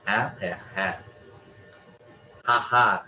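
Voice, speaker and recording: A man with an Indonesian accent, slowly sounding out Hebrew words in a lesson and repeating syllables tentatively. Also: lowish voice, faint music behind. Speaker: Hebrew student. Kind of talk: pronunciation practice in a lesson. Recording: dull lo-fi audio, faint noise.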